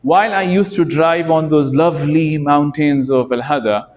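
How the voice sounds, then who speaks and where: A man's voice: on the high side, long reverb tail. Man giving a club speech, rhetorical. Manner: rhetorical questions, deliberate emphasis on key words. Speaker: club speaker.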